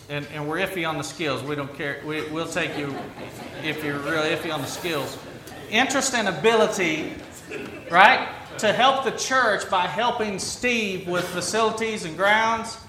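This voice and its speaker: A man's voice: on the high side, bright, forceful tone, slight background noise. A man preaching a conversational sermon in a church, often restarting and filling with ums. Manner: conversational, halting with restarts and fillers. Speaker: pastor. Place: church sanctuary. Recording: roomy church echo, faint ambience.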